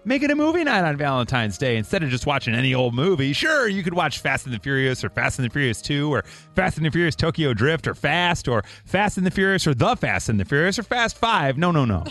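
A man's voice: fairly high pitch, soft background music. A man hosting a morning radio show, joking and laughing with callers and cohosts. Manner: animated, jokey, quick to laugh.

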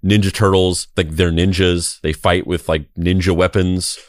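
A man's voice: sits low, little pitch movement, measured pace, no room sound, clean studio sound. A man co-hosting a podcast in casual chat, rambling and heavy on fillers. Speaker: podcast co-host.

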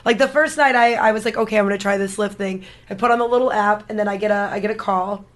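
A woman's voice: medium pitch, quick pace. A young woman co-hosting a casual podcast chat, telling anecdotes and acting out the people she quotes. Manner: storytelling, acts out quotes with animated voices. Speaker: podcast co-host.

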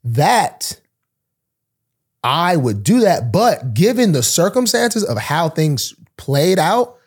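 A young man who is both a pro football player and a podcast host speaks slowly with a breathy edge. Telling a story in casual chat, he gets animated and performs the quoted voices of the people in it with big pitch jumps.

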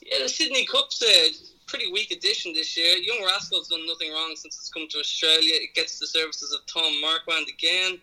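Bright-voiced Irish man giving racing tips. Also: on the high side, normal speed, poor audio. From Ireland. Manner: hesitant, with many ums, talks through form methodically. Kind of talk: phone-in tips on a sports radio show.

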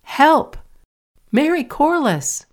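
A woman's voice: fairly low pitch, animated, moderate pace. A woman reading aloud, voicing a friendly, wistful neighbour girl in a storybook. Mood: alarmed. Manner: shy and wistful, then startled.

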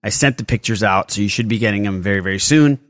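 Man, low voice, dry close mic, casual podcast host, chatty. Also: no echo. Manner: chatty, runs through plugs and news quickly.

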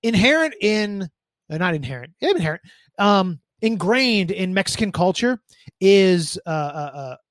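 A man's voice: high voice, sing-song, a little slow, no echo. Man podcast co-host, rambling, joking, dry close sound. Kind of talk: casual chat, reading listener mail.

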